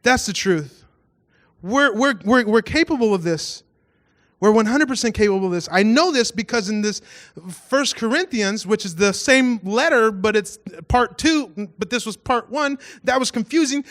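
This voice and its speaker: Man, pastor, high voice, storytelling sermon, animated, self-mocking humor. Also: moderate pace.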